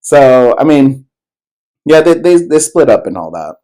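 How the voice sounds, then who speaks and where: A man co-hosting a podcast, drawling through a personal story at an unhurried pace, his pitch sitting in a middle range. He rambles, circles back, swears freely and leans on plenty of fillers. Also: big pitch swings, warm tone, poor audio. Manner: loose and rambling, heavy swearing, many fillers. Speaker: podcast co-host. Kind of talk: casual storytelling chat.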